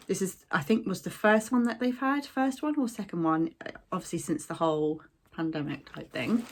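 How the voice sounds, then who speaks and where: Casting: young woman, crafting vlogger, easygoing rambling chat full of fillers. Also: fairly low pitch. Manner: chatty, rambling with many ums and likes. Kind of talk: casual chat.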